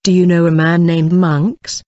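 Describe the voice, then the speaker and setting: A reader voicing a kind, gentle young lady, in the same steady, even tone as the narration. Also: mid-range voice, a little slow, no echo, natural voice. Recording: dull lo-fi dry audio.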